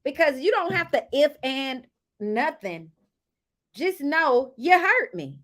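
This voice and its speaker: A woman casually recapping a reality show episode, chatting to viewers with lively asides and storytelling. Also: sits high, slow.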